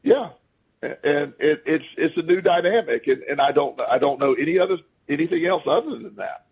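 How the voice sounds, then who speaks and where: A man's voice: fairly high pitch, fairly quick, vocal fry, breathy edge, narrow, tinny audio. A man as a podcast guest, telling anecdotes casually and acting out what people said. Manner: animated storyteller who acts out quoted speech.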